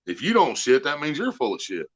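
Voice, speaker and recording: A man's voice: medium pitch, huge pitch swings, fairly quick, slightly rough, no room sound. A man from the United States hosting a casual, profane chat, telling crude stories and laughing through them. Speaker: podcast host. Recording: dull lo-fi dry recording.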